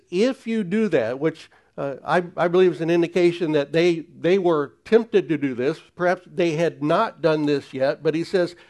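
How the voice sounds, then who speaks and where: A man's voice: fairly high pitch, darkish tone. A male pastor preaching a sermon in an earnest way, repeating key phrases and restarting for emphasis.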